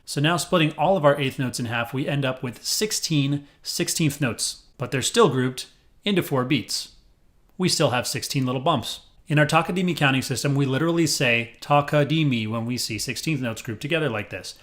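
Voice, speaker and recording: A man's voice: medium pitch, normal speed, fairly bright tone. Upbeat male music teacher who is a little corny and encouraging, walking students through rhythm counting. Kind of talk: rhythm lesson with counting aloud. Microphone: headphones on.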